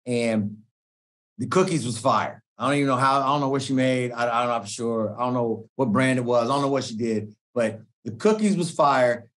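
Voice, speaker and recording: A middle-aged man, a guest coach, telling stories in a relaxed podcast chat, slangy and animated, often acting out what people said. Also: mid-range voice, fairly quick. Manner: animated slangy storytelling, acts out quoted speech. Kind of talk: casual podcast conversation.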